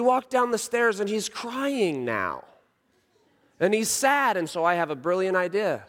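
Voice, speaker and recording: A man in his thirties preaching a sermon, telling a story and swinging from hushed lines to shouts. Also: sits high, sing-song, unhurried. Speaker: pastor. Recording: long reverb of a large hall.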